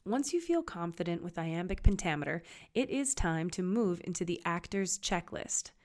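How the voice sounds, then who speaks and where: A woman's voice: fairly low pitch, big pitch swings, normal speed, darkish tone. Upbeat woman narrating an acting lesson. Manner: upbeat, encouraging, conversational. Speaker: acting teacher. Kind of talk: scripted instructional narration.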